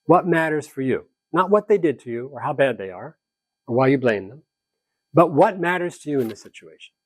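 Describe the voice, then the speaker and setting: A man speaking as a conflict mediator at a seminar, telling a story with animated energy and acting out the people in it. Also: mid-range voice, brisk, slightly rough, no echo. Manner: animated, acts out quoted dialogue in the story. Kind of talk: storytelling lecture to a live group.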